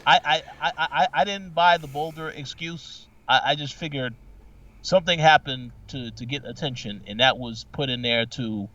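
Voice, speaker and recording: A man co-hosting a podcast, thinking aloud in casual chat, halting often and restarting his sentences. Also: fairly high pitch, bright, forceful tone, no echo, recorded from a distance, dull audio. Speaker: podcast co-host. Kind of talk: casual episode recap chat.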